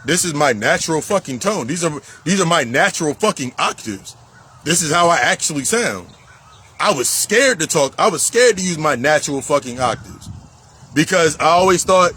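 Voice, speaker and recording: A man's voice: fairly high pitch, lively intonation, normal speed, pushed and bright, a little hiss or hum, low-quality recording. A man talking as a life coach in a casual spiritual monologue, emphatic and profane, repeating himself for stress. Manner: emphatic, profane, repetitive street talk.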